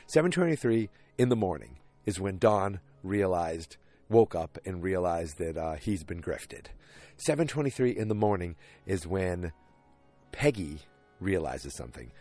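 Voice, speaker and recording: A man's voice: low voice, animated, unhurried, darkish tone, soft background music. A man hosting a podcast, recapping an episode casually with rambling asides, many fillers and restarts, acting out the characters' lines as he goes. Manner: rambling, retells scenes in quoted voices, many fillers and restarts. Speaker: podcast host.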